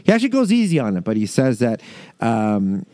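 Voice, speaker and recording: A man's voice: medium pitch, huge pitch swings, fairly quick, mellow, dry recording. A man co-hosting a casual chat, rambling with lots of fillers and laughs, reading excerpts aloud. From American South. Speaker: podcast co-host.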